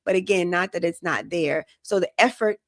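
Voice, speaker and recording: A woman's voice: fairly low pitch, normal speed, fairly bright tone, no room sound, clean studio sound. A woman hosting a podcast, giving relationship advice in a frank, casual way and often checking that listeners follow her. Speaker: podcast host.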